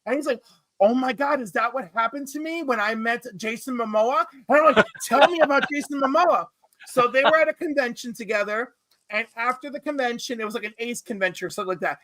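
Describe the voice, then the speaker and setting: A man's voice: brisk, pushed and bright. A man co-hosting a comics chat show, telling campy anecdotes and acting out the voices of the people in them. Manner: campy storyteller, acts out quotes with big pitch jumps. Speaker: podcast co-host. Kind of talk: animated casual chat.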